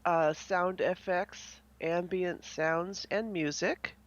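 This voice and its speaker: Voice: mid-range voice, steady tone, slow pace. A co-host on a live online game tour, chatting and welcoming viewers in a playful, upbeat way. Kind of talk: casual chat on a live stream. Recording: dull lo-fi audio.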